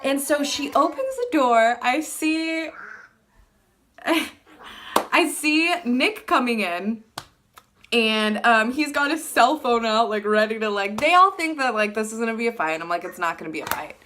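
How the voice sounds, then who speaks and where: Bright-voiced woman telling a story. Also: fairly high pitch, measured pace, slight background noise. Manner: animated, fillers like "like" throughout, acts out quotes. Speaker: vlogger. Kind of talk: casual storytelling.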